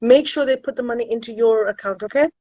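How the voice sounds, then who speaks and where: A woman's voice: fairly high pitch, quick pace, dry recording, muffled recording. A woman who works as a university admissions consultant, chatting animatedly with viewers on a live stream from home. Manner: chatty and animated, frequent exclamations.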